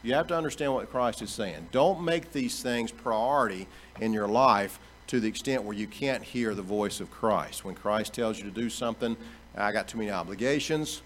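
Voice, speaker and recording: A man's voice: fairly low pitch, moderate pace, hardly any pauses, a bit bright, slight background noise. A man preaching a sermon as pastor, earnest, repeating key phrases and pushing harder on the points he stresses.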